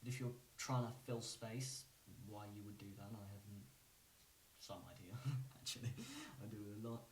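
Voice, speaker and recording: A man giving a casual music lesson, relaxed and rambling, with lots of fillers and restarts. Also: fairly low pitch, normal speed, a little hiss or hum. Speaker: music teacher. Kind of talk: casual instructional talk. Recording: roomy, from a distance.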